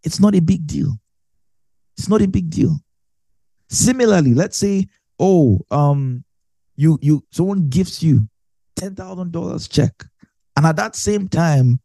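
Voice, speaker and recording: A man's voice: a little high, warm tone, no room sound. A man giving a conversational Bible teaching, explaining with everyday examples and repeating phrases for emphasis.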